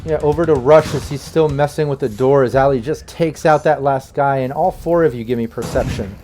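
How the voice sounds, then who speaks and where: Man game master narrating a tabletop game, mid-pitched voice, loose and rambling, faint music underneath. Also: brisk. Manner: rambling, many fillers and restarts.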